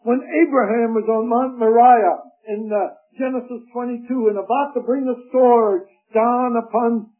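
A man preaching a sermon as pastor, slow and measured with deliberate pauses. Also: very high-pitched, steady tone. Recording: tinny phone-like old sermon tape.

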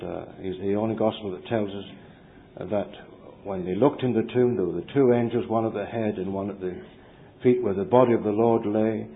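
A man reflecting thoughtfully on scripture in a Bible study discussion. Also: on the low side. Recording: tinny phone-line recording with faint hiss.

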